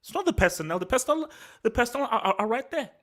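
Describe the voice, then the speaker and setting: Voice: medium pitch, sing-song, racing, a bit bright. A football channel host giving a heated solo post-match reaction, slangy, self-assured and repeating phrases for emphasis. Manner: worked up and angry.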